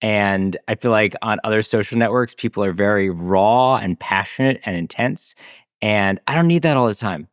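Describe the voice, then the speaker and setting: A man's voice: fairly low pitch, moderate pace, no room sound, clean studio sound. A man joining a podcast chat, laid-back and jokey, with lots of "like" and "um". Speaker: podcast guest panelist. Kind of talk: casual chat.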